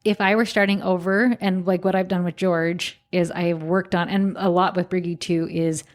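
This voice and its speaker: A woman's voice: on the low side, steady tone, moderate pace. A woman who is a homeschool coach and mother, talking in a casual podcast interview, eagerly acting out bits of dialogue. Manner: enthusiastic, acts out quoted dialogue.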